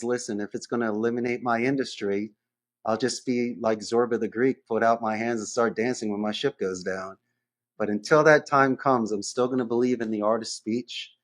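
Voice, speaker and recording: A man as a podcast guest who runs a call center, talking in a conversational interview and acting out phone calls in different voices. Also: medium pitch.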